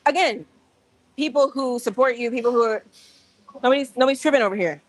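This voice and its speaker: A woman chats live to her viewers from the gym, rambling and animated as she talks straight to them. Her voice sits a little high. The sound is dry and close, with no room echo. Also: fairly quick. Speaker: livestream host. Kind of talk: casual live-stream chat.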